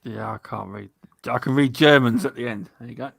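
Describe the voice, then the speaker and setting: A chatty man co-hosting a gaming podcast, talking at a middling pitch. His voice is recorded close and dry, with no room sound. He is animated when he tells a story. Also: brisk, vocal fry, breathy edge, dry recording. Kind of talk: casual gaming podcast chat.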